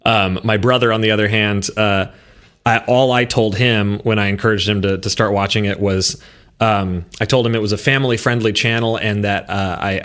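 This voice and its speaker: A man's voice: on the low side, a bit bright. A man from Southern California, a musician guest on a podcast, rambling in casual chat and poking fun at himself. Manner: rambling and self-deprecating, with frequent fillers and laughs.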